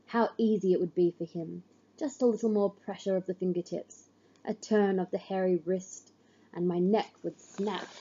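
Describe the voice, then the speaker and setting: A woman reading a literary story aloud in the first person, measured and grave, on a dull lo-fi recording. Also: medium pitch, dark tone, slightly rough. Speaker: audiobook reader.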